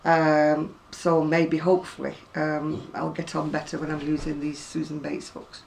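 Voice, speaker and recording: A woman's voice: sits low, level tone, a little slow, vocal fry, darkish tone. An older woman chatting casually to camera about her crochet, rambling and self-deprecating. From England. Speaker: crochet vlogger. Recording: distant mic with faint room noise.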